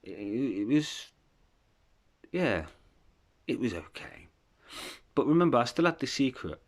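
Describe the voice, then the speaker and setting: A man's voice: medium pitch, sing-song, unhurried. A man telling his life story in a candid, rambling way, swearing freely. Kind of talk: casual storytelling.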